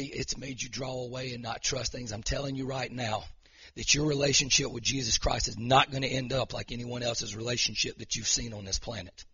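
A man preaching a sermon as pastor, emotional and fervent, rising into loud prayer declarations. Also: medium pitch, slightly rough, dull audio.

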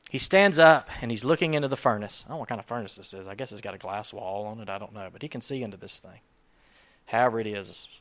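A man preaching a sermon in a conversational, emphatic way, swinging from soft asides to loud urgency. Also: on the low side, quick pace. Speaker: pastor.

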